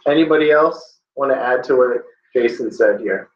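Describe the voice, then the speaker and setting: In a dull, roomy classroom recording, a man with a medium-pitched voice teaches at a moderate pace and keeps joking with the class through playful asides.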